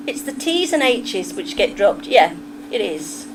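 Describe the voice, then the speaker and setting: A woman's voice: mid-range voice, big pitch swings, measured pace, background noise. A middle-aged woman with a Kentish English accent, chatting casually and with firm opinions to her livestream viewers. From England. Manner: chatty, opinionated, talks straight to chat.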